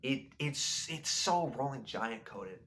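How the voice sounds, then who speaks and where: A man's voice: mid-range voice, lively intonation, slow pace, a bit bright, a little hiss or hum. A young man rambling casually about a film he just watched, often restarting his sentences. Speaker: video creator. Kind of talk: casual rambling movie review.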